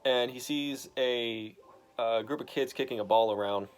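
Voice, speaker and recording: A young man casually retelling a comic book story to his dad, rambling with lots of fillers and quickly acting out characters' lines. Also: medium pitch.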